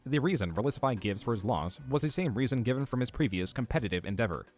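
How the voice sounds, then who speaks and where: A man narrating a commentary video in a measured, scripted read, quoting posts. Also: medium pitch, expressive, faint music behind. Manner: measured, reads out quotes.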